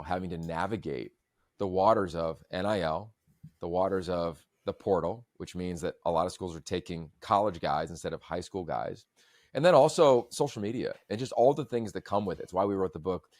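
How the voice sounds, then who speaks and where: A man hosting a podcast, telling stories in a long-winded, animated way. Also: deep voice, dry recording, studio quality. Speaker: podcast host. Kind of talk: casual chat.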